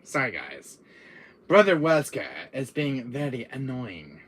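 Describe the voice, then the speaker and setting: A man live-streaming casual chat, exasperated and laughing, with loud outbursts. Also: medium pitch, sing-song, measured pace.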